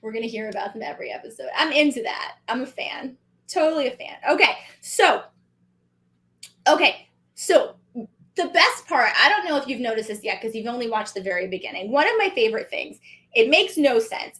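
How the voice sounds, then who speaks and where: Woman co-host, 30s, high voice, chatty and animated, casual recap talk. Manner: chatty, animated, quick asides. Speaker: podcast co-host.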